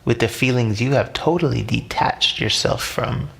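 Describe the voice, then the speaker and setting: A man's voice: mid-range voice, vocal fry, fairly bright tone. A man doing a stern giant octopus lady. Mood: firm. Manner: firm, slow and instructive. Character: giant stern but caring female octopus.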